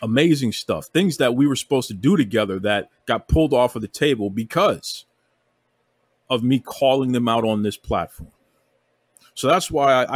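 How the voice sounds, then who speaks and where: A man's voice: mid-range voice, no echo. A man hosting a wrestling podcast, ranting with heavy emphasis and calling people out by repeating himself. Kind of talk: heated podcast rant. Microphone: remote podcast recording.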